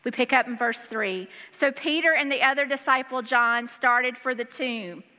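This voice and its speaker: A woman pastor preaching a sermon, reading scripture and breaking in with lively asides. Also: high voice, normal speed. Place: church hall. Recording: long hall reverb.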